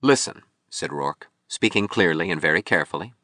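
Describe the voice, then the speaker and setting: Male audiobook narrator, low voice, even delivery, dry close mic. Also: normal speed, dry recording. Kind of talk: scripted narration.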